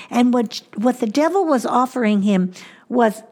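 A woman preaching a sermon, slowing down and dropping to a hushed voice on key points. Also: on the high side. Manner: slows down for emphasis, drops to a hushed voice on key points.

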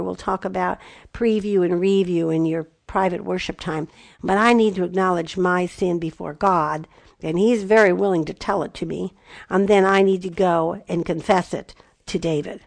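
A middle-aged woman teaching about marriage, slow and emphatic, with playful asides. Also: mid-range voice, vocal fry, a little mellow, no room sound. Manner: slow emphatic delivery, spelling words out. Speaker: Bible teacher. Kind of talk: teaching talk.

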